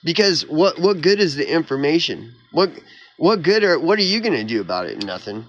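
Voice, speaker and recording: A man's voice: fairly high pitch, very animated, brisk, highs cut off, slight background noise. A man from Oklahoma, a YouTuber, delivering a heated, sarcastic vlog rant in a mocking, exasperated manner. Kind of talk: ranting vlog monologue.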